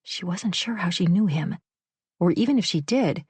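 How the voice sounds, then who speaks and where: Woman, audiobook narration, measured, low voice, dry close studio sound. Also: animated, a little mellow, husky, no room sound. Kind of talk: scripted narration.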